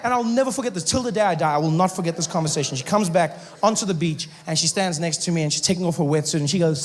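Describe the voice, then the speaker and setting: A young South African man performing stand-up comedy on a club stage, animated and jumping into character voices. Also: a little high, racing, few pauses, long reverb tail, slight background noise.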